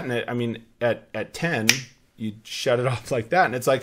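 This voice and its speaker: A man in his forties hosting a podcast, giving an energetic motivational talk with anecdotes and frequent restarts. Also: medium pitch, normal speed. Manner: energetic, repeats words and restarts, tells anecdotes. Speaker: podcast host.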